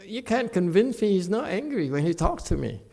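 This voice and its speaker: A middle-aged man giving a dharma talk with questions and answers, animated, laughing and acting out quoted voices. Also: high-pitched, a little fast, gravelly. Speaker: meditation teacher.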